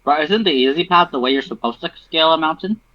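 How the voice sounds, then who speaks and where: A man's voice: fairly high pitch, fast talker, no room sound. A man on a fan panel, asking wry, teasing questions in casual chat. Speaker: panel participant. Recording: dull lo-fi audio.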